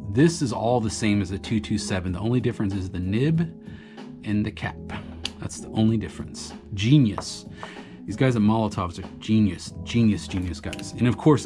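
A man who is a graffiti artist, chatting casually to the camera about his markers and inks as he draws, rambling and laughing often. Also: fairly low pitch. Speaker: graffiti artist reviewing art supplies. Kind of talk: casual talk to camera while drawing. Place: home art studio. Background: background music.

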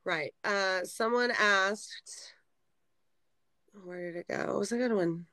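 Bright-voiced woman explaining casually. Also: medium pitch, slow pace, no room sound. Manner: explanatory, laughs often. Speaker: guest, former MLM seller. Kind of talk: casual live-stream chat.

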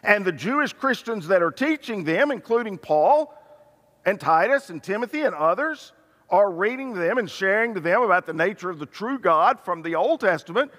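An older man preaching a sermon, swinging between loud, emphatic passages and hushed, tender ones. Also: sits high, animated, moderate pace. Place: church sanctuary. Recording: reverberant church hall.

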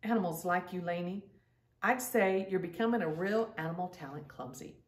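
A woman's voice: lowish voice, normal speed, reverberant, distant mic, close to an everyday voice. A woman reading as a playful girl fairy. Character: playful young female animal fairy.

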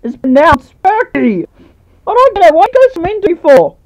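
A woman's voice: extremely high pitch, big pitch swings, very fast, mellow, voice pushed up, rough recording. A woman voicing a bullied pink unicorn, whiny and touchy, in a homemade toy video.

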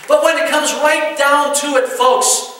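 High, bright-voiced preacher in an echoey church. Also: male voice, fairly even intonation, measured pace. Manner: folksy, checks in with the congregation. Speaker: pastor. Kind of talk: sermon. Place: church sanctuary. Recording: very echoey church room from far off.

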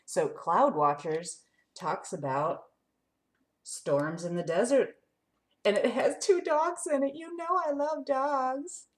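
A woman reading a picture book aloud to children, animated and sing-song, talking straight to her young listeners. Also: high voice, takes it slowly. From lives in Arizona desert.

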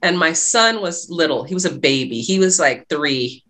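A woman's voice: deep voice, lively intonation, moderate pace, fairly bright tone. A middle-aged woman, a guest telling a personal story in a casual interview, acting out the dialogue as she goes. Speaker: guest, love and life coach.

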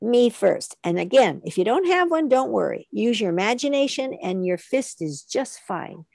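Lively woman leading a kids' music lesson. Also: fairly high pitch, moderate pace, gravelly, no room sound. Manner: animated, coaxing sing-along leader, call and response. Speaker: music teacher.

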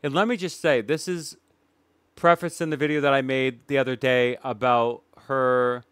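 Male reaction commentator, indignant and emphatic, smooth voice. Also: medium pitch, fairly bright tone, no room sound. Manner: emphatic, indignant, with dramatic pauses. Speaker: commentary YouTuber.

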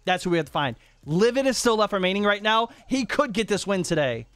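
A man hosting a gaming channel, giving excitable, rambling live commentary on a match and stumbling over player names. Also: high-pitched, brisk, smooth, no room sound.

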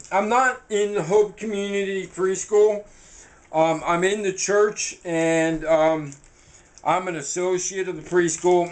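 A man's voice: sits high, a little hiss or hum, low-quality recording. A man hosting a home cooking show, rambling casually to the camera as he cooks. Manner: loose, talks to camera with fillers like "man" and "right". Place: home kitchen.

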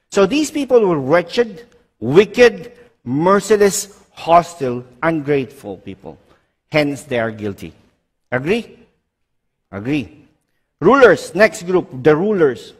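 A male pastor delivering an emphatic sermon in a slightly high voice. He swings sharply between loud declarations and quiet, low asides, and he questions his listeners directly. His voice rings out in a long hall reverb. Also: breathy edge.

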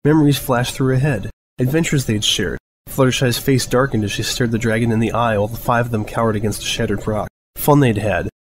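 Guy reading a fanfic out loud, steady measured pace, middle pitch. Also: a little hiss or hum, poor audio. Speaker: fanfiction reader. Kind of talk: storybook narration.

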